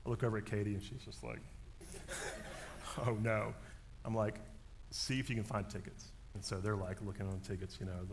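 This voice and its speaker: A man, preaching a sermon and telling a story in an animated way, dropping to a hush and then rising loud. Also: on the low side, fairly quick, gravelly, a little hiss or hum. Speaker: pastor.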